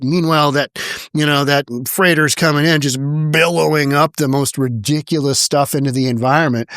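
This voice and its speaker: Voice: medium pitch, expressive, moderate pace, fairly bright tone, dry recording, clean studio sound. A political commentary host delivering blunt, mocking opinion commentary with repeated emphasis. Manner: sarcastic, mocking. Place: home in Washington State.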